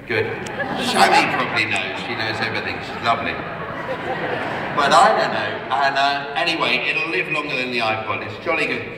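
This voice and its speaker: A middle-aged man giving a rambling after-dinner comedy speech, self-mocking and stumbling, with deadpan asides. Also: medium pitch, a little fast, a loud crowd. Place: large hall at a gala dinner. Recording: echoey hall, heard from far off, audible room noise.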